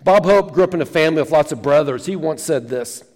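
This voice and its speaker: A man with a somewhat high voice delivers a folksy sermon, weaving in jokes and anecdotes. His words ring out with a long reverb through a church sanctuary. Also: expressive, quick pace, darkish tone. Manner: folksy storytelling, tells jokes. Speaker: preacher.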